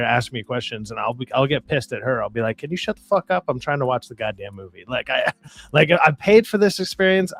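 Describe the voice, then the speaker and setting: Man, co-host, mid pitch, relaxed, profane, chatty. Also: gravelly. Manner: laid-back, profane, chatty. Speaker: podcast co-host. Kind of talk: casual chat.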